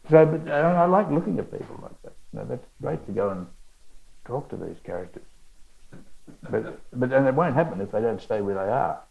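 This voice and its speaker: An older Australian man, an author in conversation at a bookshop event, telling rambling anecdotes with halting restarts. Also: medium pitch, animated, gravelly, muffled recording. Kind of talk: onstage literary conversation.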